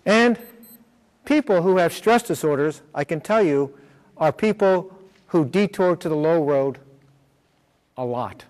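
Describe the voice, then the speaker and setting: A man gives a workshop lecture in a school room, explaining step by step and checking in with the audience. His voice sits a little high. A long reverb trails his words through the hall. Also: lively intonation, measured pace, pauses often, a little mellow. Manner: explains step by step, with many fillers and check-ins. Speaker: workshop presenter. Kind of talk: lecture with slides.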